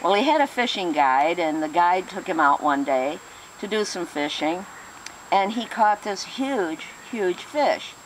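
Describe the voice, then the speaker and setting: Animated woman telling a joke. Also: fairly low pitch, a little slow, slight background noise, rough recording. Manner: animated storyteller, self-correcting. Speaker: joke teller.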